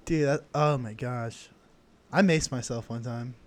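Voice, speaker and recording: A man's voice: mid-range voice, a little slow. A young man co-hosting a casual podcast, laughing a lot and acting out voices as he tells stories. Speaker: podcast co-host. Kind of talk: casual storytelling chat.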